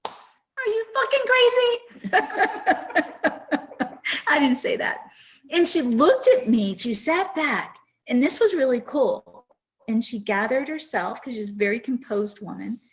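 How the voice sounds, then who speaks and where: Woman in her fifties, podcast host, earnest and reflective, a bit high voice, dull lo-fi sound. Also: lively intonation, normal speed. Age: 50s. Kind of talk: personal storytelling on a podcast.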